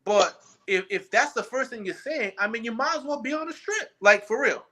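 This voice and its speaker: A man's voice: extremely high pitch, fairly quick, sharp tone, a little hiss or hum. A man talking in a casual, opinionated chat, emphatic and rambling, often restarting his sentences.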